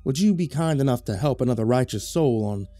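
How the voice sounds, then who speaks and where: A man playing a pious, flattering southern gentleman with a thick put-on drawl, sounding earnest. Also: medium pitch, a little fast, no room sound, soft background music, natural voice. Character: smooth-talking fake southern preacher-type gentleman.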